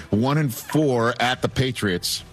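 A man hosting a call-in sports radio show, bantering quickly with callers and reading out a schedule. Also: mid-range voice, animated, soft background music. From New York area.

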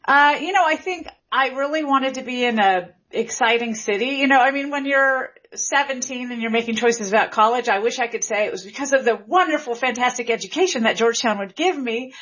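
A woman's voice: a little high, brisk, few pauses, fairly bright tone, lo-fi sound. A woman in her forties who grew up in Memphis, a linguistics professor explaining things thoughtfully as a guest in an interview. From Memphis, Tennessee. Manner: thoughtful, explanatory, with fillers and restarts. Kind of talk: interview conversation.

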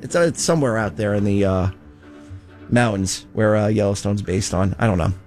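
A man's voice: on the low side, moderate pace, darkish tone, soft background music. A man hosting a political commentary show, talking in a loose, chatty and sarcastic way. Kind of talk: casual commentary.

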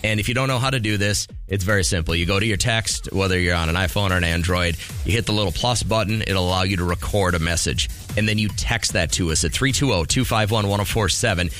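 A man's voice: deep voice, fast talker, hardly any pauses, a bit bright, faint music behind. A man hosting a morning radio show, upbeat and joking as he chats with callers and runs a contest. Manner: upbeat, joking, promo-style. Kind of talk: casual radio banter.

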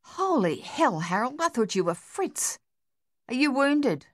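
A woman's voice: a little high, sing-song, normal speed, a bit bright, no room sound, clean studio sound, voice pushed up. A woman voicing a young male Australian soldier, urgent and coaxing his friend to move.

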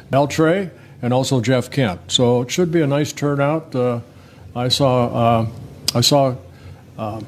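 A man's voice: mid-range voice, a little mellow, slight background noise. An older man, a former ballplayer, telling rambling, self-correcting stories in a casual interview. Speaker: former pitcher, guest.

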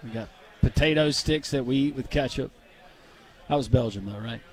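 A man's voice: medium pitch, moderate pace. A man co-hosting a sports radio show, bantering and joking in a casual way. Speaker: radio co-host.

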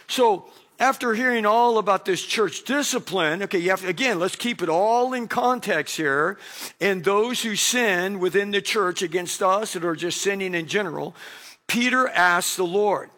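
A middle-aged man preaching a sermon, reading scripture and telling stories with lively voiced asides. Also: sits high, normal speed. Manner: animated storytelling with voiced asides. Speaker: pastor.

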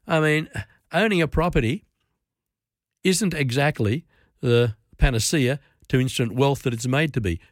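A man's voice: on the high side, no echo, clean studio sound. A man with an Australian accent hosting talk radio, giving opinionated commentary in a conversational way and reeling off figures with asides. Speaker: radio host.

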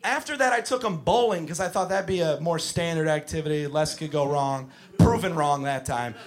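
A young man doing stand-up storytelling, profane and exasperated, breaking into shouts. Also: fairly high pitch, normal speed. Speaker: stand-up comedian. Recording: live comedy club with audience laughter.

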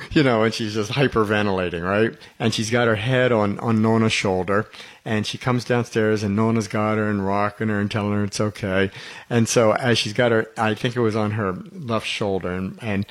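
A middle-aged man hosting a radio talk show, telling rambling stories in casual conversation and chuckling often. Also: fairly low pitch.

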